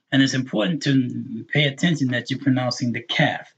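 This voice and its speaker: A man teaching a live online language lesson, patiently repeating words slowly for learners. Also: medium pitch, husky, muffled recording. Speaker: Arabic teacher.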